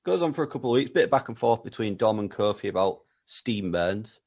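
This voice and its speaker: A man co-hosting a podcast, building an absurd story with a deadpan, playful delivery. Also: on the low side, fairly quick. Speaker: podcast co-host. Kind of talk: comedic storytelling chat.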